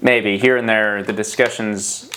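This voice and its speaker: A man's voice: lowish voice, steady tone, measured pace, sharp tone, a little hiss or hum. A man hosting a motorcycle podcast, talking in a loose, rambling way with frequent restarts. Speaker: podcast host. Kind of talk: casual podcast chat.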